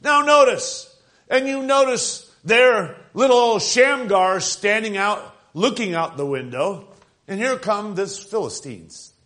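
An older man preaches a revival sermon in a high-pitched voice. He builds to fervent peaks and slips into acted quotes of the people in his story. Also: lively intonation, slow pace, a bit bright.

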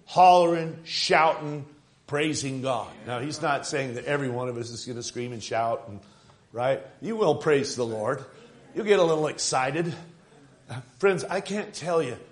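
Fervent higher-voiced male preacher. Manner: fervent, rising to shouts, quoting and laughing. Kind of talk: sermon.

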